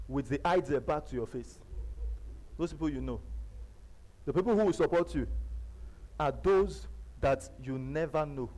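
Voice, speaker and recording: Nigerian male seminar speaker, fairly high voice, repetitive, hammering points loud then dropping low. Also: rough recording. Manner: emphatic, repetitive, preacher-like; swings from loud bursts to quiet asides. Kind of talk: live motivational seminar talk. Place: seminar venue.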